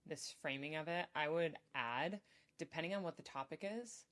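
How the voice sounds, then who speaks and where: A young adult woman talking as a podcast guest in casual conversation. She is animated and acts out sample lines of dialogue as she talks. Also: low-pitched, normal speed.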